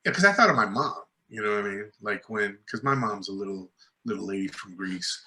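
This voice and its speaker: A man's voice: lowish voice, animated, fairly quick, sharp tone. A man, a filmmaker guest, tells rambling anecdotes full of fillers and restarts, acting out other people's lines in a raised voice. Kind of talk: casual storytelling in a podcast interview.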